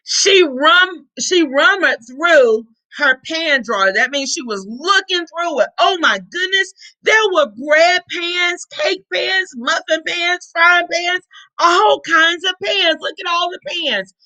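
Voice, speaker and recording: Woman, teacher, storybook read-aloud, expressive, asks questions, high voice. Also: takes it slowly, poor audio. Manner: expressive, asks the listeners questions, explains words. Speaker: teacher reading aloud to children.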